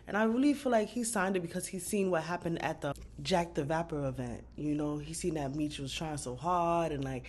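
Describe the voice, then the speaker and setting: Slangy, animated woman recapping TV. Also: deep voice, a little fast, few pauses, slight background noise. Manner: animated, slangy and profane, with outbursts of disbelief. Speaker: TV recap vlogger. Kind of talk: casual recap commentary.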